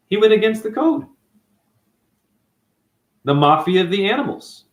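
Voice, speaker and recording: This man's voice sits high and moves at a measured pace. Hosting a video monologue, he wanders through profane spiritual talk with lots of animation, addressing his audience as "honey."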